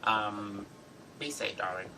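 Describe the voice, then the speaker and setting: A sassy, chatty young man from a group vlog channel gives a casual rant, full of "like"s and "you know"s. His lowish voice moves slowly, with an American accent carrying a slight, fading English lilt, over a noisy background.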